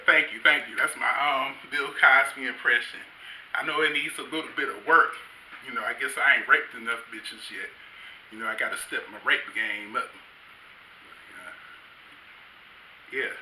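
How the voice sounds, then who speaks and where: A man's voice: medium pitch, moderate pace, pushed and bright, slight background noise. A middle-aged man, a grandfather, doing a loose, profane stand-up set on a comedy stage with a handheld mic. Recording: roomy stage sound, faint ambience.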